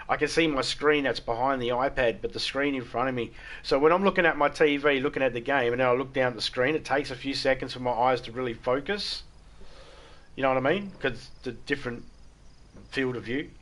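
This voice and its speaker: A man's voice: medium pitch, a bit bright. A laid-back Australian man chatting casually on a live game stream, swearing freely and often repeating himself. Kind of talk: casual live-stream chat while gaming.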